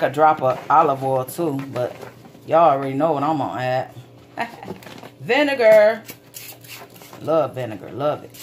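A woman's voice: deep voice, slight background noise. A woman giving a casual cooking demonstration in her home kitchen, chatting folksily with her viewers and swearing now and then.

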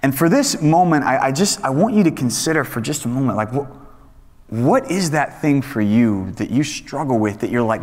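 Casual young pastor preaching in a hall. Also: male voice, medium pitch, moderate pace. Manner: conversational, animated storytelling with many fillers and restarts. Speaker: pastor leading a young adults Bible study. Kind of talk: casual sermon.

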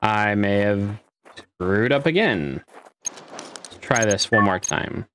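Man, very low voice, unhurried game commentary, thinks aloud, curses at setbacks. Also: animated, noisy background. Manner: mutters while figuring things out, swears when frustrated. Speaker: gamer playing a space survival game. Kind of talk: casual let's-play commentary.

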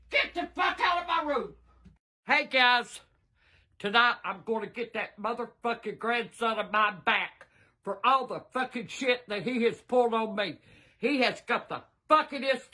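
An older woman making prank videos, cursing and yelling at her grandson in rough, profane banter. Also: fairly high pitch. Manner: foul-mouthed, yelling, cackling.

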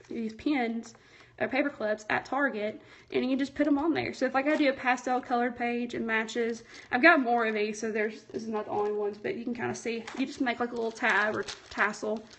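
Young woman, slightly high voice, chatty, enthusiastic, livestream from home on a phone. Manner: chatty, enthusiastic, a little nervous, answers viewer comments. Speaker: craft livestream host. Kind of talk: casual livestream tutorial. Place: home, indoors.

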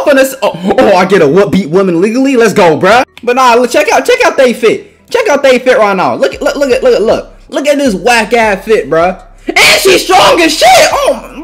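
A young man giving loud, trash-talking gaming commentary, jumping between high yells and low mutters. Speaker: gaming YouTuber.

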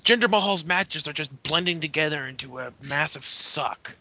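A man's voice: fairly high pitch, moderate pace, pushed and bright. A man co-hosting a wrestling podcast who recaps matches wryly. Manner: wry, recapping. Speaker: podcast co-host.

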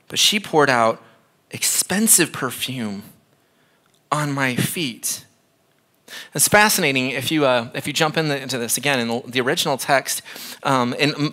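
A man in his thirties preaching in a church, his voice bright and forward. He talks to the congregation casually, then presses his points with emphatic repetition. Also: a little high. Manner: conversational, emphatic, repeats phrases for effect. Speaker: pastor. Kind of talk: sermon.

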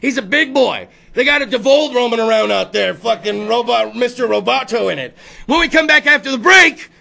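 A man's voice: very high-pitched, expressive, brisk, vocal fry, pushed and bright. A man hosting a talk show, riffing through rowdy, profane comedic bits and putting on voices for the stories. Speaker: podcast host.

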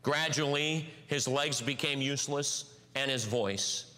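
Bright-voiced man preaching in a reverberant hall. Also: unhurried. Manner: storytelling, swings from hushed lows to raised highs. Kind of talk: sermon. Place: church sanctuary.

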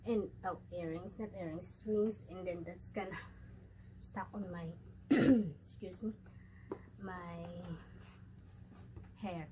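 Slow-talking excited Filipino woman. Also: on the low side, a little hiss or hum. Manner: excitable, chatty, mixing in Tagalog words. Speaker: vlogger. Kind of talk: casual unboxing vlog. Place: indoor room with the aircon off.

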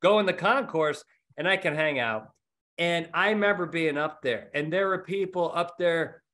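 A man's voice: fairly high pitch, moderate pace, bright, forceful tone. A middle-aged man hosting a podcast, telling stories in casual, self-mocking chat. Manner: rambling storyteller, self-mocking. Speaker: podcast host.

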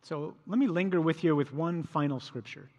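A man, a priest, preaching a sermon in a lively storytelling way, acting out voices from the scripture scene. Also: fairly high pitch, moderate pace, long reverb tail, dull audio. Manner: storytelling, acts out voices of disciples.

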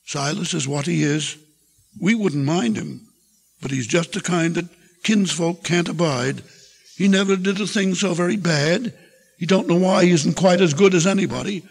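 Weary, tender farm wife, read by an older man: soft and pleading, raspy grain, reverberant lecture-hall tape. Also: high-pitched, moderate pace. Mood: gentle pleading. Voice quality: gravelly, husky voice.

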